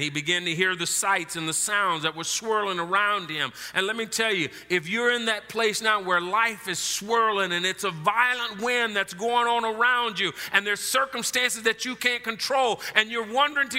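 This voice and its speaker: A middle-aged man preaching a sermon as pastor, swinging from hushed tones to shouting. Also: sits high. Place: church sanctuary. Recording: long reverb of a large hall.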